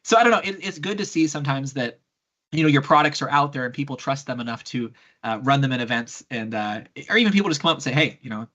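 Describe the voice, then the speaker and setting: A man guest chatting casually on a podcast, telling animated stories, acting out quotes and laughing often. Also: mid-range voice, fast. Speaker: guest, blaster kit designer. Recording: dull lo-fi sound.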